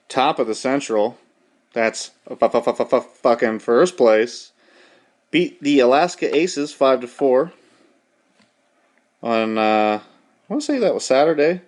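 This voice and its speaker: A man's voice: medium pitch, unhurried, pauses often, a little mellow. A young man hosting a podcast, rattling off hockey scores in a profane, rambling, mock-outraged casual rundown. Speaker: podcast host.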